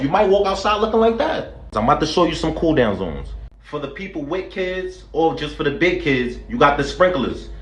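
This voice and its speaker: A young vlogger from the Bronx performs comedic vlog skits with a strong New York accent, brash and joking, leaning heavily on street slang. His voice is a bit higher than most men's, and the room gives off a noticeable echo.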